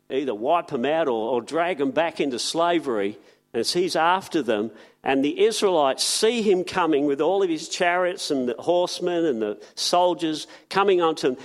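Male preacher, fairly high voice, earnest sermon delivery with repeated words. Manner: earnest, repeats words, slows on key phrases.

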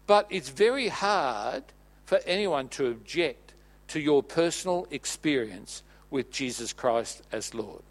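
A man preaching a sermon, earnestly urging his congregation and dropping his voice soft for emphasis. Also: a little high. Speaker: pastor.

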